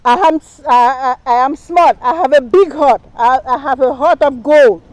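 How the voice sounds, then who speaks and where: A woman's voice: sits high, moderate pace, darkish tone, no room sound, rough recording. A middle-aged woman whose first language is not English gives an impassioned campaign speech as a town council candidate, repeating herself and stumbling over words. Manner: impassioned, repetitive, speaks non-native English with slips. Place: live stream rally.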